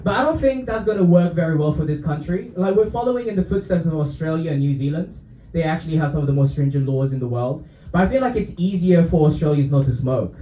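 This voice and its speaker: Lively Romanian-born comic in an echoey club. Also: male voice, on the high side, fast talker, hardly any pauses. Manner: laughs often at his own jokes, dry asides. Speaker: stand-up comedian. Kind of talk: stand-up routine. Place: comedy club.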